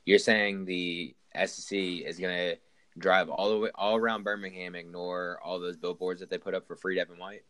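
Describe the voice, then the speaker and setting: A man's voice: low-pitched, little pitch movement, normal speed, a bit bright, no room sound, low-quality recording. A young man hosting a casual sports talk show, who rambles and restarts his sentences as he talks. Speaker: podcast host.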